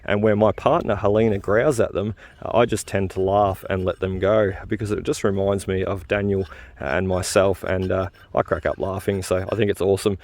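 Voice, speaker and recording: A man's voice: on the low side, a little fast, darkish tone, no room sound. A man, hosting a detecting vlog outdoors in casual, chatty talk. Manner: chatty, laughs easily, many uh fillers. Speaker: detecting channel host. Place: outdoors in a field.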